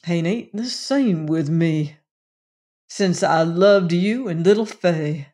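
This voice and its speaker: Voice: medium pitch, dark tone, lightly acted. A reader voicing a weary gray old gunman. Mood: earnest. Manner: slow drawling frontier speech. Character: weary gray male gunman, older, gentle. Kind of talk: audiobook reading.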